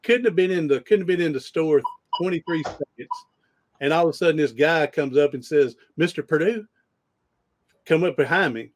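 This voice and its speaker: A man's voice: on the high side, a little fast, slight background noise. A man hosting a podcast, telling rambling stories in casual conversation with frequent restarts. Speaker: podcast host.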